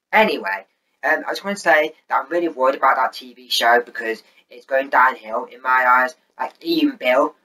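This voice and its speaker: A man's voice: mid-range voice, sharp tone, far from the mic, rough recording. A man ranting angrily about a TV show on his vlog, swearing a lot and repeating himself. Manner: angry, profane, repetitive. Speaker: vlogger. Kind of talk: angry TV rant.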